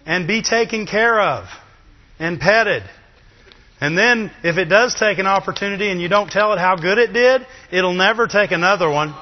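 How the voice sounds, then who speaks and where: A man preaching a sermon in a lively, chatty way, with asides to the congregation. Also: high voice, normal speed. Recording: dull, long reverb of a hall.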